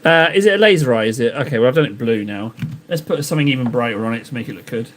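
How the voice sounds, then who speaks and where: A man's voice: mid-range voice, animated, racing, slight background noise. A man hosting a live stream, chatting casually and joking to himself while he paints miniatures. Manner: rambling, jokey self-talk while painting. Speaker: livestream host painting miniatures.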